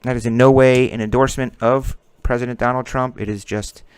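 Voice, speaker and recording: A man with a smooth, clear voice runs casual commentary as he opens packs of cards, calling out names and cracking jokes as he goes. The sound is close and dry, with almost no room around it. His pitch sits right in the middle for a man. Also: steady tone, fairly quick, dry recording. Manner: chatty and joking, calls out player names as cards come up. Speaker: host of a card-breaking stream. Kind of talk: casual running commentary while opening card packs.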